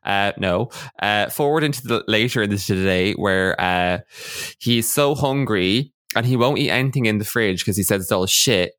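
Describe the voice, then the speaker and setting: A man's voice: on the low side, normal speed, a bit bright, no room sound, studio quality. A man, chatting casually as a podcast co-host and rambling through a story recap. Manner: rambling recap with acted-out quotes. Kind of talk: casual chat.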